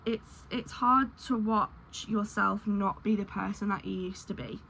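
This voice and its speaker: A woman's voice: mid-range voice, fairly even intonation, measured pace, gravelly, a bit bright, a little hiss or hum, poor audio. A woman chatting casually in a vlog, rambling and candid with lots of ums. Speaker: crochet vlogger.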